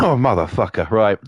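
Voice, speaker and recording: Streaming to a live chat, a man rants furiously and swears constantly, his pitch swinging widely and a cough breaking in now and then. The voice is sharp and the recording dry.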